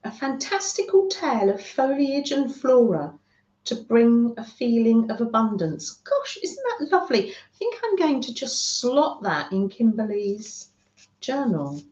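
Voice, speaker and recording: A woman's voice: on the high side, a little mellow. A middle-aged woman from the UK hosting a craft livestream, gushing and chatting with her viewers. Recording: roomy, dull lo-fi home stream audio.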